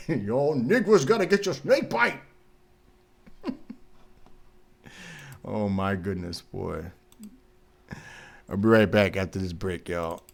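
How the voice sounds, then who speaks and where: A man's voice: fairly low pitch, lively intonation, takes it slowly, creaky, long pauses. A man hosting a radio show in loose, rambling casual chat, laughing often. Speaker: radio host.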